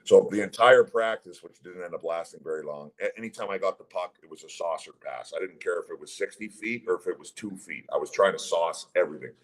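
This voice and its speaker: Middle-aged man, gravelly-low and husky, blunt profane storyteller guest. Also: fast talker, few pauses, rough recording. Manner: blunt, heavy swearing, animated retelling. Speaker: guest, former pro hockey player. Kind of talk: casual storytelling.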